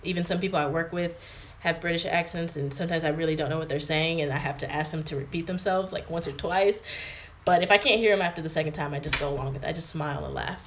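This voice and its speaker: Talking fast in a low voice, an American vlogger in her twenties livestreams from indoors at home in England, with a little hiss or hum in the audio. She reads viewer comments and answers them casually, full of filler words.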